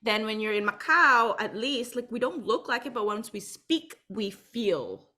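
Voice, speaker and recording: A bubbly woman chatting on a podcast, with a high, bright tone. Her pitch leaps around a lot as she talks. She is expressive and quick to laugh. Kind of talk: casual podcast chat.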